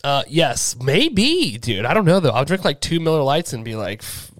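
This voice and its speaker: A man's voice: fairly high pitch, big pitch swings, normal speed, a bit bright. A man in his thirties co-hosting a podcast, chatting casually in a laid-back, rambling way. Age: 30s. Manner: laid-back, rambling storyteller who calls his co-host dude. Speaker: podcast co-host. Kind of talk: casual chat.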